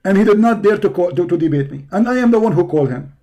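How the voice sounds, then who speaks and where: A hoarse man hosting a live stream, delivering a combative, mocking rant that taunts his opponents. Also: sits high, animated, fast, warm tone. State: hoarse from hours of talking.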